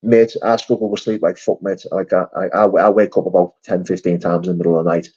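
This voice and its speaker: A man hosts a casual live stream, answering viewer comments in a friendly, matey way. His voice sits fairly low. The audio is dull and lo-fi. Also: fairly even intonation, fast, a little mellow, breathy edge. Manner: chatty, matey, calls viewers mate and brother.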